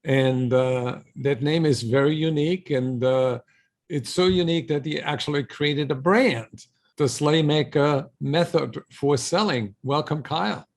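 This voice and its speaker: A man's voice: a little high, a little slow. Man introducing a guest. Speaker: show host. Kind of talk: interview introduction.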